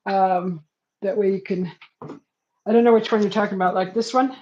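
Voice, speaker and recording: A woman's voice: mid-range voice, fairly even intonation, moderate pace, warm tone, echoey room, highs cut off. A woman hosting a casual art livestream, hesitant and self-deprecating, chuckling often.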